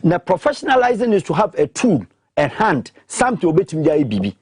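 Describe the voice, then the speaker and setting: A man with a Ghanaian accent, speaking emphatically in an animated discussion that mixes English and Twi, pressing his points with repeated questions. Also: sits high, fast, slightly rough, no room sound, studio quality.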